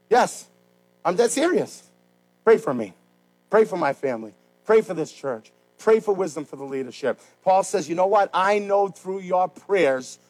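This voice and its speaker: Man, pastor, high voice, sermon, fervent shouts and quiet pleas. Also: rough recording. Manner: preaching with sudden loud rises and quiet, slow pleas.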